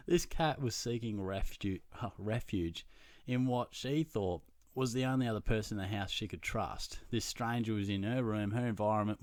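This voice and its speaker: A young Australian man with a fairly low voice tells a story in a loose, sweary, self-mocking way. The recording is close and dry, with no room sound. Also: no room sound. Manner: animated, profane, self-mocking anecdote telling. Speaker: podcast host. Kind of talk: casual storytelling.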